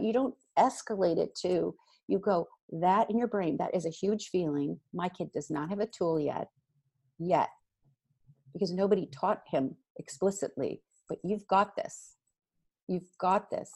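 Husky, gravelly-voiced woman giving emphatic advice. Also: fairly low pitch. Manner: energetic, emphatic, quick bursts of repetition. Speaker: parenting guest expert. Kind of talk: casual advice in conversation.

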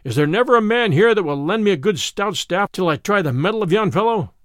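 A man voicing a big, boastful young yeoman who is slow to anger, speaking in hearty, old-fashioned words. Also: high voice, expressive, a bit bright, dry recording, studio quality. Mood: steady.

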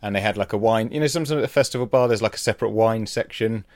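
A man's voice: lowish voice, very fast, darkish tone, dry recording. A man co-hosting a podcast, telling rambling, self-mocking stories in casual chat. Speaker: podcast co-host.

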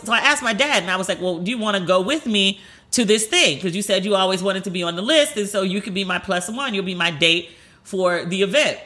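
A woman hosting her own podcast, telling stories in a chatty, animated way, swearing freely and jumping higher in pitch when she acts out what people said. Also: brisk, faint music behind. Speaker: podcast host. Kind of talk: casual solo podcast storytelling.

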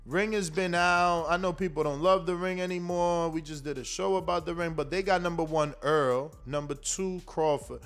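This boxing talk show host has a clear, resonant, somewhat bright voice, a little high, holding a steady tone at a moderate pace with few pauses. His casual chat rambles, and he stumbles and restarts while reading the rankings aloud.

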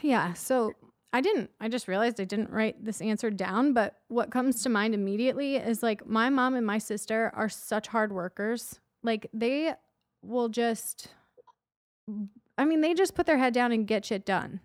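A woman in her thirties co-hosting a casual chat, animated and laughing often, getting emphatic when something irritates her. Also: on the high side, a little slow, no echo, clean studio sound. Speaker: podcast co-host.

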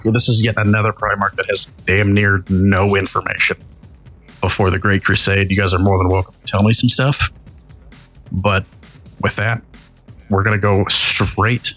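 A man's voice: fairly low pitch, bright, forceful tone. A man from Tennessee with a Southern accent, co-hosting a casual podcast and teasing his co-host. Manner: joking, teasing, profane. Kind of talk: casual chat.

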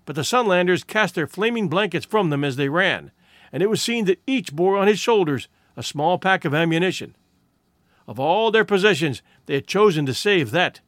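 A man reading a story aloud with drama and expression. His voice runs fairly high and moves a great deal, and it is recorded close and dry with no room sound. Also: lively intonation, moderate pace, a bit bright, no room sound. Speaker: narrator. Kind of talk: scripted audiobook narration.

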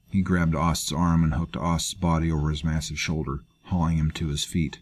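A man narrating a grim fantasy story in a measured, grave manner. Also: rumbling low, flat delivery. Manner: measured, grave, performs all characters. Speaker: audiobook narrator. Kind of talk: scripted narration.

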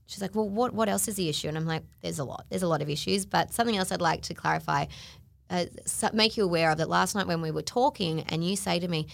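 A woman's voice: fairly low pitch, vocal fry, no room sound. A woman chatting casually on a podcast, telling a long story and acting out the people she quotes, with lots of "like". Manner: animated, acts out quoted voices, frequent "like".

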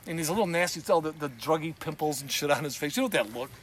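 A man's voice: on the high side, very fast, a little hiss or hum. A man casually telling an anecdote as a guest, swearing often and breaking into laughs. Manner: profane, laughing, animated storyteller. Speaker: guest storyteller, former club owner.

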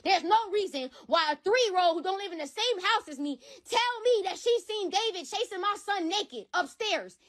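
A woman's voice: very high voice, expressive, moderate pace, few pauses. A woman giving an emotional personal account in an interview, heated and repetitive, swearing often. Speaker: interview guest.

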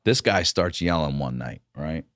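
A man's voice: very deep voice, expressive, normal speed, a bit bright. A middle-aged male comedian telling a story in casual, profane chat. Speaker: comedian guest.

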